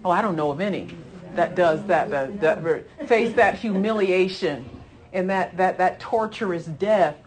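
A woman preacher delivers a conversational sermon, retelling scripture through animated storytelling, repeating phrases, and urging her listeners emphatically. She speaks at normal speed in a fairly low voice.

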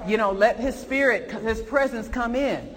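A woman's voice: on the high side, moderate pace. Woman preacher delivering an emphatic sermon, recorded with long reverb in a hall. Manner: animated, emphatic, voices rising with feeling. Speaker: preacher teaching a Bible lesson.

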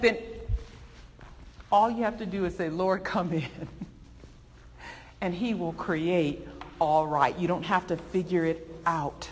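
A woman preaching a sermon and teaching a Bible lesson, animated and emphatic, her voice rising with feeling. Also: on the low side, a little slow, pauses often, in a large hall, a little hiss or hum.

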